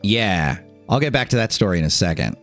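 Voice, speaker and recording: A low-voiced man reads an article aloud on a live stream and breaks off for casual asides and laughs. Faint music plays in the background. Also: sing-song, brisk, a bit bright.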